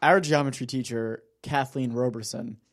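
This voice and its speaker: A man's voice: medium pitch, moderate pace. A man in casual chat who throws in short, dry quips.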